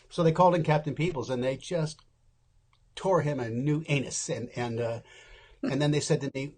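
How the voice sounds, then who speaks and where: A man's voice: a little high, moderate pace, a little mellow. A man in his seventies, an interview guest, telling candid stories in a wry, casual way and acting out the people he quotes.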